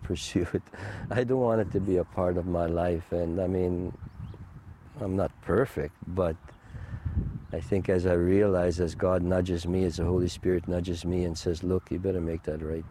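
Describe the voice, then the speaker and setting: A middle-aged man giving a personal faith testimony, halting and heartfelt, with many fillers and restarts. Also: low-pitched, warm tone, a little hiss or hum. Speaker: guest sharing a testimony.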